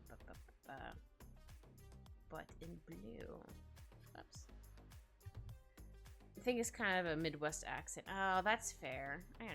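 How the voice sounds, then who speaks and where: A woman's voice: fairly low pitch, bright, forceful tone. A woman casually chatting while she draws on a stream, rambling and giggly as she reads and answers her chat. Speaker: art streamer. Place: home streaming setup. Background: faint background music.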